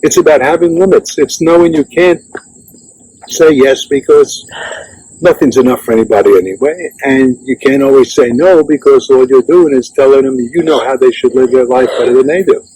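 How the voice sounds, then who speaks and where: A man's voice: medium pitch, normal speed, mellow, slightly rough, rough recording. Older man's rambling, reflective eulogy. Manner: rambling and reflective, many restarts and asides. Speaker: father giving a eulogy. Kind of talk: memorial speech.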